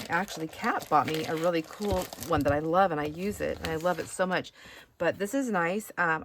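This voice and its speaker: Lower-voiced woman chatting over craft finds. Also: slight background noise. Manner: rambling, easily sidetracked, chatty. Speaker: craft channel host. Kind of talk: casual show-and-share chat.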